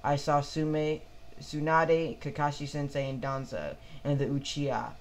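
A man reading his own fan fiction aloud in first person, halting and stumbling over words with many restarts. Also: fairly high pitch, flat delivery, slight background noise, rough recording.

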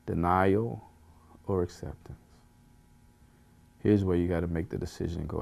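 A man's voice: low voice, fairly even intonation, measured pace, vocal fry, long pauses, darkish tone. A man, a pastor, teaching a Bible study in an earnest way, repeating phrases for emphasis and chuckling at himself.

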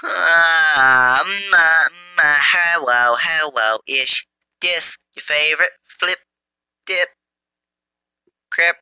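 A man giving mobile gameplay commentary through a phone's built-in mic, excitable and jokey, taunting his enemies. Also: fairly high pitch, drawn-out words, pauses often, smooth, no echo. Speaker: gamer.

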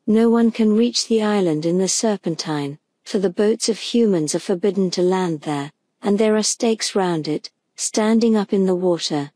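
A woman narrating a gentle bedtime story for sleep, slow and soothing. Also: mid-range voice, no echo. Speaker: audiobook narrator.

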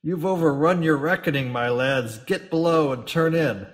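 A man's voice: medium pitch, normal speed, darkish tone, close to an everyday voice. A man voicing a brawling, volatile older pirate captain who bellows and swears French oaths. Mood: scornful.

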